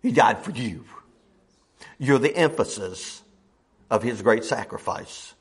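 Slow, husky, and animated, a middle-aged man gives a folksy sermon, reciting scripture in its old wording while shifting from booming highs down to low murmurs.

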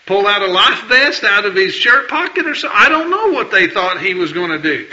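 A man delivers a sermon in a high, piercingly bright voice. He presses his points by repeating phrases and reads scripture aloud. The recording is dull and lo-fi. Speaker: preacher.

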